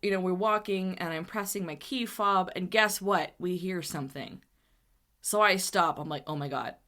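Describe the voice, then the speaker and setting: A woman podcast host telling a funny personal story in a chatty, animated way, laughing often as she goes. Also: on the low side, moderate pace. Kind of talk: storytelling monologue.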